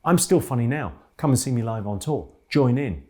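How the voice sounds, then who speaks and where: Loud laughter from the crowd fills this live recording at a comedy venue, where a man delivers deadpan one-liners in a clipped way. He's from the English home counties, with a posh southern received-pronunciation accent and a medium-pitched voice at a fairly quick pace.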